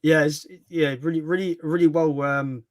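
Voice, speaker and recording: A man's voice: on the high side, fairly even intonation, normal speed, no echo. Swearing British man, dry close sound. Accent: British English. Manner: candid, swears freely, self-mocking. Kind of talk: casual livestream chat.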